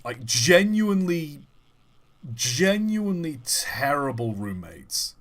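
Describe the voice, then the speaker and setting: A man's voice: a little high, slow. Chatty young man. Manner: animated storytelling, swears casually. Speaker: streamer. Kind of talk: casual live-stream chat.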